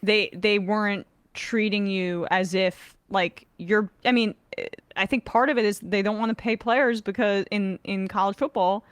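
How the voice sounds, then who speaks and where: A woman hosting an interview, asking questions with halting, searching phrasing full of restarts. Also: medium pitch, fairly even intonation, dry recording. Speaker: show host. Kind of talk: casual conversational interview.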